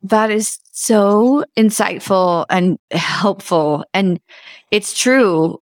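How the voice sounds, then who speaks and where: A woman's voice: medium pitch, extremely slow, dry recording. A woman hosting a podcast, a mother talking eagerly and animatedly about her son. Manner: enthusiastic, rambling, animated retelling. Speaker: podcast host. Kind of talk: podcast interview.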